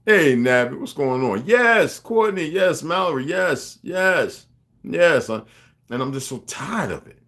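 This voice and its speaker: Unhurried and with lively intonation, a man with a fairly high, slightly bright voice rants unscripted to his livestream audience. He's profane and emphatic, rambling and welcoming chat viewers by name.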